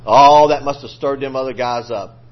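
A man's voice: medium pitch, normal speed. A male preacher telling a scripture story in a homespun, colloquial sermon. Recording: lo-fi recording.

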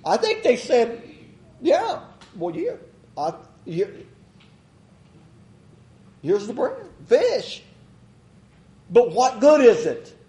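A man with a very high voice preaches a rambling, folksy sermon. He chuckles and slips into little mock quotes as he talks. The sound rings around an echoey room. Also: wildly swooping pitch, extremely slow, pauses often, warm tone.

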